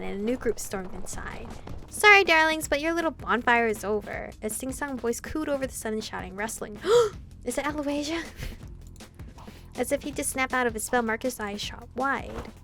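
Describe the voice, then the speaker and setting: Animated young woman reading a visual novel. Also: fairly high pitch. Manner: animated, laughing asides between reading. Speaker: gaming video host. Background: game music.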